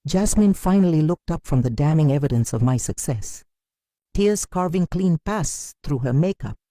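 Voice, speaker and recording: A woman narrating a dramatic first-person story in a measured, emotional storytelling manner. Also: low voice, expressive, mellow, no echo.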